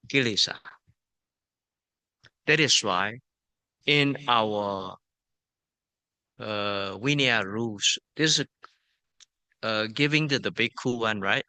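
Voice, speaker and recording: A man from Myanmar, a monk and meditation teacher, giving a dharma talk at a retreat in simple, halting English, repeating words and using Pali terms. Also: on the low side, bright, forceful tone, dry recording.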